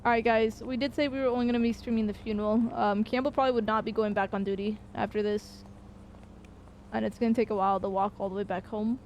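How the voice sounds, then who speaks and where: A woman game streamer in casual chat with her viewers, loose and chatty, swearing and pausing with fillers. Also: fairly high pitch, level tone, a little mellow, lo-fi sound, slight background noise.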